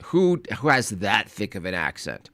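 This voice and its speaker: A man's voice: lowish voice, big pitch swings, measured pace, fairly bright tone, no room sound. A man giving sarcastic, mocking reaction commentary on a video he is watching.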